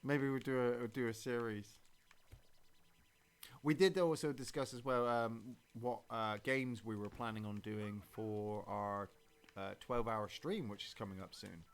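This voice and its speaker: Male streamer, mid-pitched, chatty, rambling commentary over a game. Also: fairly even intonation, unhurried, clean tone. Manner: rambling and chatty, with many fillers and restarts. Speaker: streamer and podcast host. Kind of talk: casual gameplay commentary.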